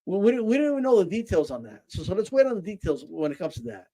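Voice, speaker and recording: High-voiced man ranting about boxing. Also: big pitch swings, quick pace, warm tone. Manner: ranting, rhetorical "right?" tags, repeats words, says "bro". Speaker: boxing commentator and host. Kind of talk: opinionated casual commentary.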